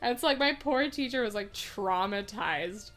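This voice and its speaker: A woman's voice: mid-range voice, lively intonation, normal speed, fairly bright tone. A woman co-hosting a casual podcast while gaming, rambling through stories and giggling often. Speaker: podcast co-host. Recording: faint music behind.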